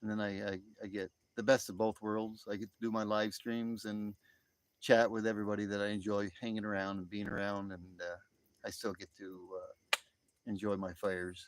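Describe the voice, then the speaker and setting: A man's voice: on the low side, level tone, normal speed. A middle-aged man from the United States chats with viewers on a phone live stream beside an outdoor fire pit. He talks in an easygoing, rambling way, full of restarts and fillers. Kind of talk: casual chat reading viewer comments.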